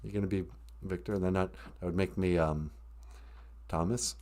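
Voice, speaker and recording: A man co-hosting a comedy podcast, pitching ideas hesitantly with many fillers. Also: steady tone, moderate pace, warm tone. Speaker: podcast co-host. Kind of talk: comedic banter.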